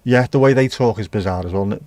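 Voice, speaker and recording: Mellow-voiced man rambling on a livestream. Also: lowish voice, fast, dry recording. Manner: rambling, musing aloud, addressing chat directly. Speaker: livestream host. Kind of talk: casual chat with live viewers.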